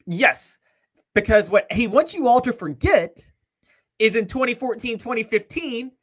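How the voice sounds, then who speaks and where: A man's voice: extremely high pitch, animated, unhurried, fairly bright tone. A young man co-hosting a sports talk show, making his points in an emphatic, argumentative way.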